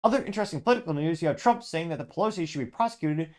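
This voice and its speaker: A man's voice: fairly high pitch, animated, racing, a little mellow. A man hosting a political news podcast, talking casually and rambling with asides. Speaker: podcast host.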